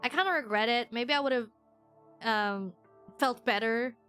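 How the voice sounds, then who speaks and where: Bright, rambling young woman streamer. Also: on the high side, a little slow, faint music behind. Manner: rambling and self-deprecating, with frequent restarts and giggles. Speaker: VTuber streamer. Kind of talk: casual chat while streaming a game.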